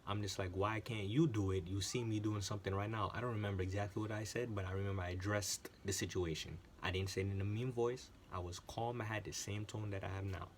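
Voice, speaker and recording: A man telling a workplace story in a casual, animated monologue, often repeating himself for emphasis and swearing. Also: sits low, slight background noise. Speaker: channel host.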